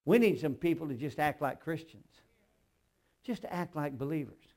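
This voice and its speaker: An older man, preaching a sermon as pastor, swinging from hushed storytelling to loud emphatic bursts with humorous asides. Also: fairly high pitch, animated, normal speed.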